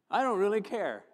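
A man, a pastor, preaching a sermon, moving from chatty storytelling to fervent, loud emphasis. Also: medium pitch. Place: church sanctuary. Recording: long church hall reverb.

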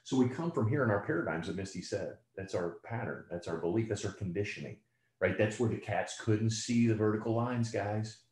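A man's voice: fairly low pitch, fairly quick, darkish tone. Guy coaching his team, keeps asking do you follow me, echoey room. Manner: asks the group rhetorical questions, coaching tone. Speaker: business mentor.

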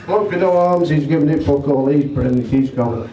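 A man's voice: on the high side, moderate pace. A man doing a crude, swearing stand-up routine in a small pub, laughing at his own jokes. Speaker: amateur stand-up comedian. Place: small pub room with an audience. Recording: far from the mic in an echoey pub room, loud noise.

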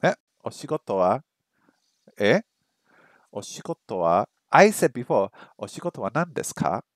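A man's voice: medium pitch, sing-song, moderate pace, no room sound, clean studio sound. Man thinking aloud while drilling phrases. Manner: thinks aloud, repeats phrases over and over, self-mocking. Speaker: streamer learning a language. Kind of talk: casual think-aloud study stream. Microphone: streaming microphone that picks up his voice weakly.

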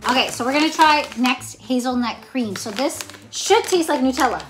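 Bubbly high-voiced woman vlogger. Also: moderate pace. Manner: excited and bubbly. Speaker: vlogger host. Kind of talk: casual snack-tasting vlog.

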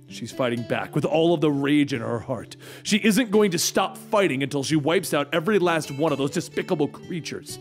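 A man narrating a comic book story in a dramatic, conversational way. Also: on the high side.

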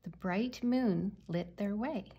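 Woman storyteller for a children's book, unhurried and gentle, a gravelly, husky tone. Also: mid-range voice, muffled recording. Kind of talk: reading a picture book aloud.

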